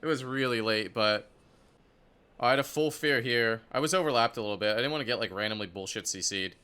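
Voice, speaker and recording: Bright-voiced excitable young man gaming. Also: mid-range voice, brisk, clear, resonant tone. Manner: excitable, profane, filler-heavy talk. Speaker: esports player reviewing his match. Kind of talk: casual gameplay commentary.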